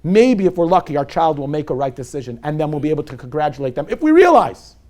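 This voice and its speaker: A man's voice: on the high side, very animated, quick pace. A man in his forties, a rabbi giving a lecture on parenting to a live audience, telling stories with humor and sprinkling in Yiddish and Hebrew terms. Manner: warm and self-deprecating, with humor.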